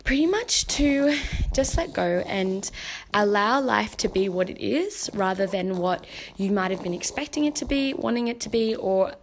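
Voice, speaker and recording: A young adult woman, a mother hosting a podcast, talking casually and earnestly with lots of "um" and "like", warmly encouraging. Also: mid-range voice, vocal fry, slight background noise. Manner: earnest and encouraging, many fillers like "um" and "like". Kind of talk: casual heartfelt talk.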